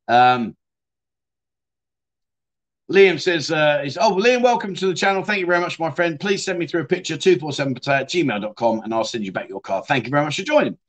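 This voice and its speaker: A man's voice: fairly high pitch, a bit bright. A man hosting a casual livestream, reading out viewer comments and chatting back with frequent "mate" and the odd swear word. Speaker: livestream host.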